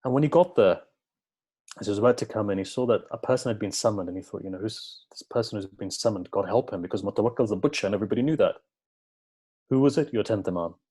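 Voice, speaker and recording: Speaking very fast in a low, dark voice with a breathy edge, a man preaches at a religious gathering. He weaves in stories, performs the dialogue himself, and hammers home his message with earnest, repeated emphasis.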